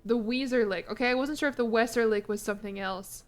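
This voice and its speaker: A woman's voice: a little high, fast, faint music behind. Self-mocking young woman streamer. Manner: self-deprecating, laughing, apologetic. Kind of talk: casual live-stream commentary.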